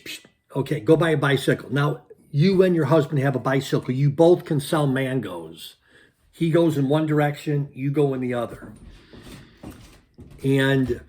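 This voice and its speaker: He's a man running his own channel, walking viewers through a personal anecdote with animated repetition and punchy sound words, all in a mid-range voice.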